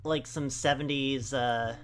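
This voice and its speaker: A woman from the US West Coast co-hosting a game playthrough, rambling in casual, animated commentary with sudden high exclamations. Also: takes it slowly.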